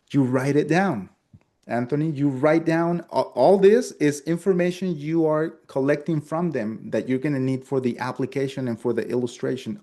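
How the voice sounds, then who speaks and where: A sales trainer whose first language is Spanish gives an instructional talk on sales technique, role-playing upbeat, friendly customer small talk on the phone and restarting often. His voice is medium-pitched and darkish in tone, at a moderate pace.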